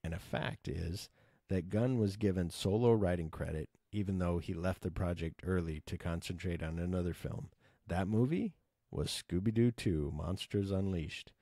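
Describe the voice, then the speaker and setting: A man with a very low, dark and mellow voice talks casually about movies, rambling with plenty of fillers and the odd curse. The recording is dry and close, with no room sound. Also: normal speed, dry recording. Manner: rambling, sweary, enthusiastic, with many fillers. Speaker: movie podcast host.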